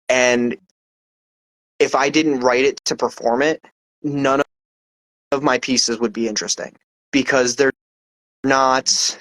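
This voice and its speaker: A man's voice: medium pitch, no room sound, rough recording. A man, a poet guest, explaining his craft in casual interview chat, confident and emphatic, often checking in with "right?".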